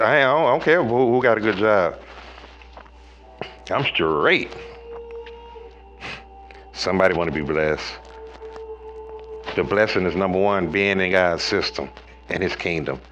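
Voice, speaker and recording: A man giving a preachy tarot reading in a slangy, profane way, talking straight to viewers and swinging between loud highs and low murmurs. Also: dull audio. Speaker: tarot reader.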